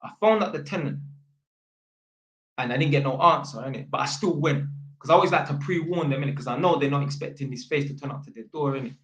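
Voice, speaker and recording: A man tells a story in a rambling, slang-heavy way, stopping and restarting often. His voice sits a little high for a man. The sound is roomy, with a clear echo around him. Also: quick pace, fairly bright tone, a little hiss or hum. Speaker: electrician. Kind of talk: storytelling vlog.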